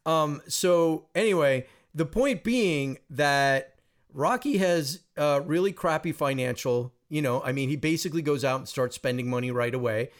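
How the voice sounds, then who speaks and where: A man's voice: a little high, normal speed. A man hosting a casual podcast, talking through a film in a rambling, self-deprecating way. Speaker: podcast host.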